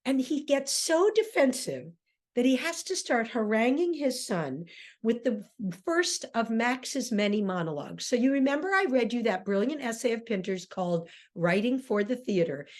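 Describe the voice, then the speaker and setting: A woman's voice: a little high, animated, moderate pace, a little mellow. A woman giving a classroom lecture as a theater director, emphatic and full of rhetorical questions.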